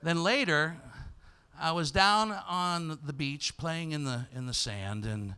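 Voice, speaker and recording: A man hosting a comedy show, telling a self-mocking story on stage and breaking into loud, excited impressions of his younger self. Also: a little high, slow pace, smooth. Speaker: comedian host. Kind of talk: stand-up storytelling monologue. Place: on stage before a live audience.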